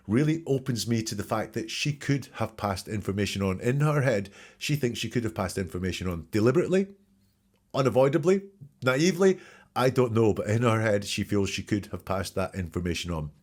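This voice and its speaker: Low-voiced man breaking down testimony. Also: darkish tone. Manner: emphatic, questioning, repeats key words. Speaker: host analyzing trial testimony. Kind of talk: spoken commentary on court clips.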